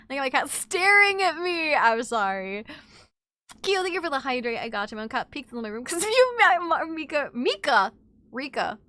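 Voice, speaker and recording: A woman's voice: a little high, sharp tone, no echo. A woman streamer chatting casually with her live chat, reading messages aloud, swearing freely, and sounding a little under the weather. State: a bit sick.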